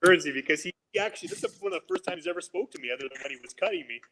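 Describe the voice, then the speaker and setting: A former hockey player in his forties telling animated, casual stories on a podcast and acting out what his coaches said. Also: fairly high pitch, very fast, a loud crowd, poor audio. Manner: animated anecdotes, laughing, quoting coaches. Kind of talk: casual storytelling.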